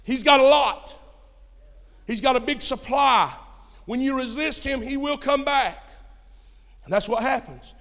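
Man, high-pitched, preacher, sermon, hushed to shouting, rhetorical questions, church hall with long reverb. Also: unhurried, pauses often. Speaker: pastor. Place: church sanctuary.

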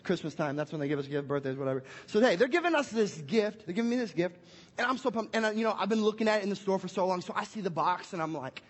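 A young adult man preaching a lively family Christmas sermon in a church hall, playful and energetic as he acts out little scenes. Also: high-pitched, brisk. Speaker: pastor. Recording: echoey hall with long reverb.

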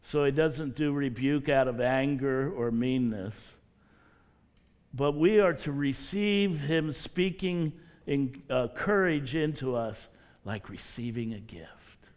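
A man preaching a sermon as a pastor, earnest and deliberate, with drawn-out pauses, speaking to his listeners as brothers and sisters. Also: mid-range voice, expressive, a little mellow.

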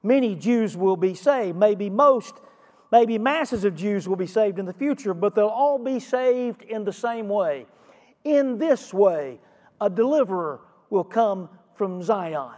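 High-voiced man preaching in a reverberant hall. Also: lively intonation, measured pace, a little mellow. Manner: earnest teaching tone with rhetorical questions and numbered points. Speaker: pastor. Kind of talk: sermon.

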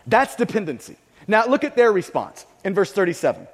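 Guy preaching, really high voice, keeps stumbling and repeating himself, long echo in a big church. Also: big pitch swings, a little fast. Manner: earnest, stammers and repeats words. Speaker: pastor. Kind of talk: sermon. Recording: long reverb of a large hall.

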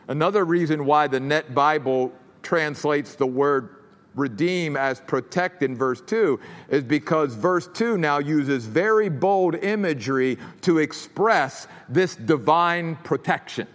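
High-voiced preaching man in a reverberant hall. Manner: emphatic preaching with repeated phrases. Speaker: pastor. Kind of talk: sermon.

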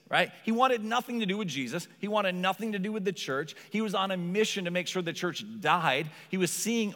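A man's voice: on the high side, a bit bright, long reverb tail. A male pastor preaching a sermon in a conversational way, with frequent asides to the congregation, in a church. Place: church sanctuary.

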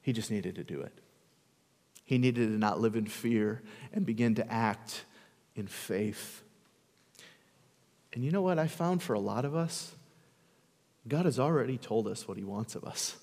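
A man's voice: mid-range voice, measured pace, pauses often, a little mellow, long reverb tail. A male pastor preaching a sermon in a conversational way, often putting questions to the congregation.

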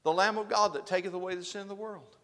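A man preaching a sermon, swinging from loud exclamations to hushed, earnest lines. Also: high voice, fairly even intonation, fast talker. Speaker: pastor. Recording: preaching in a reverberant hall.

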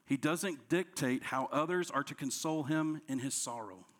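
A man, a pastor, preaching a sermon, dropping to soft, low lines and rising when he acts out quoted complaints. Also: normal speed. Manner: preaching with strong swings between soft, low lines and raised, higher quoted outbursts.

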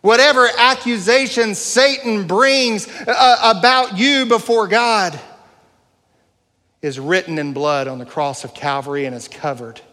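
Pastor guy preaching, high voice, big echoey hall, earnest questions. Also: unhurried, sharp tone. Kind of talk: sermon.

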